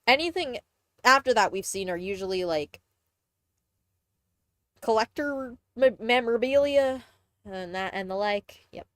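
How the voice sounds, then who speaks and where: A woman's voice: on the high side, animated, a little slow, long pauses, a bit bright, no room sound. A young woman from Texas with a mixed Southern and Midwestern accent, chatting casually on a live stream, rambling and correcting herself as she goes. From Texas, USA. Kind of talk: casual live-stream chat, reading aloud.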